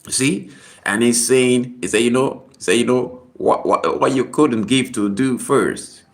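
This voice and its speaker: A man vlogs casual commentary at a measured pace, rambling and repeating himself while swinging between low muttering and sudden high exclamations.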